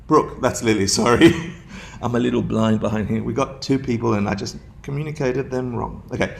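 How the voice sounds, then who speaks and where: A man's voice: medium pitch, fairly even intonation, moderate pace, vocal fry, a little hiss or hum. A man teaching a dharma class to a room of students, playful, laughing often and putting questions to them.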